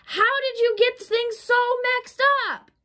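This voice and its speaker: A woman voicing a flustered, exasperated lady of the house in a storybook, in a shrill, exclaiming way. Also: fairly even intonation, slow, pushed and bright, exaggerated voice.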